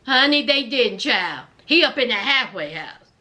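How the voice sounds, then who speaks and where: A woman's voice: fairly high pitch, a little slow. A woman recapping a reality TV show in casual, chatty commentary, gushing and acting out what people said. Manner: animated storyteller who acts out quotes; chatty and gushing, with many fillers.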